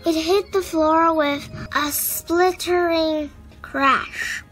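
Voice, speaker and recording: A woman storyteller reading a picture book aloud to children in an expressive way. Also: very high-pitched, drawn-out words, faint music behind, low-quality recording.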